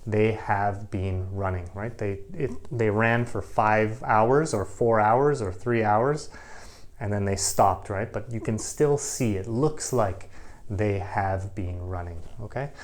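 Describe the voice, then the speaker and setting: A man's voice: lowish voice, slow. A middle-aged man teaching English grammar to camera, explaining patiently and repeating key phrases.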